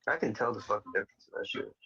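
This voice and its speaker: A man's voice: fairly low pitch, wildly swooping pitch, racing, pushed and bright, breathy edge, recorded from a distance. A man on a livestream panel speaking emphatically and insistently. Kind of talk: casual livestream panel chat. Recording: lo-fi stream audio.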